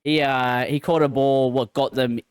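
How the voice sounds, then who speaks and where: Aussie bloke hosting a sports podcast, laughs a lot, dead dry sound. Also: male voice, medium pitch, fairly even intonation, normal speed, smooth, dry recording. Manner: laughs often, loose and joking. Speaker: podcast host. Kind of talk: casual sports chat.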